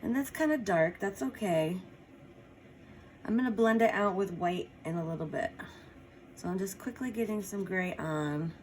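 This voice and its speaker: A woman's voice: mid-range voice, normal speed, darkish tone. A woman giving a casual painting tutorial, chatting along as she works and adding small apologetic asides. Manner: chatty, talks while working, apologetic asides. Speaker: painting instructor.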